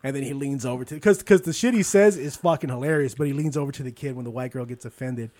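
A man hosting his podcast in casual chat, telling stories loosely with plenty of swearing and sudden loud bursts. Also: mid-range voice, fast, dry recording. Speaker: podcast host.

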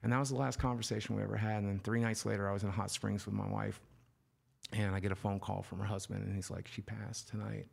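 A middle-aged man sits as a podcast guest, telling a personal story with loose, profane candor. His voice sits low with a gravelly edge, and it sinks to hushed, almost whispered phrases before picking back up. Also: little pitch movement, fast. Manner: emotional storyteller, swears freely, drops to near whispers. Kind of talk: candid interview storytelling.

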